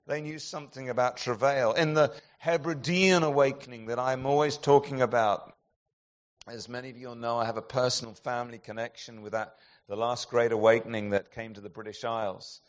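A man delivering an impassioned sermon at a middle pitch. He moves from booming emphatic lines to near-whispered, drawn-out phrases as he tells his stories. He chuckles softly at his own anecdotes. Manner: impassioned storytelling, swinging between loud emphatic peaks and hushed, slow passages. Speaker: preacher.

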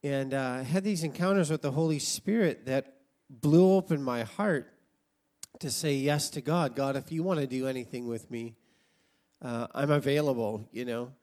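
A man's voice: mid-range voice, moderate pace. Older american guy preaching, storytelling, acts stuff out, laughs a lot. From United States. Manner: storytelling, animated, laughs often and acts out past voices. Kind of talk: sermon.

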